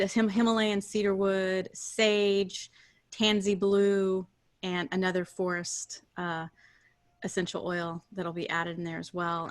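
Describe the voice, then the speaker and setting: A woman hosting a casual spiritual chat, speaking in a warm, affirming way with frequent fillers. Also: fairly low pitch. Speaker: host.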